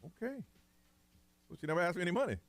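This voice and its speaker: Male morning radio host, animated storyteller, quick pace, wide pitch swings. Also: no echo. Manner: animated storytelling, quotes family in voices. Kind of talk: casual morning radio chat.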